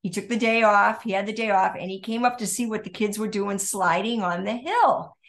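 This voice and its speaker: An older woman co-hosting a podcast, telling a childhood story in a lively, laughing way. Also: medium pitch, a little fast. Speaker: podcast co-host. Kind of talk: storytelling chat.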